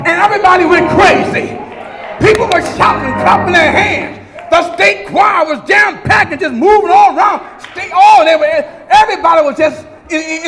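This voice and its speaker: A middle-aged man, a pastor, delivering a eulogy sermon that builds to shouted, chanted crescendos with a singing preacher's cadence. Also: very high-pitched. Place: large church sanctuary before a congregation. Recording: long church reverb with organ and congregation.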